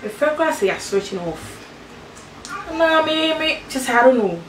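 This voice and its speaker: A woman's voice: high-pitched, big pitch swings, a little slow, slight background noise. A woman playing a young woman being chatted up, talking casually in a comedy skit. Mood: chatty. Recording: roomy, distant from the mic.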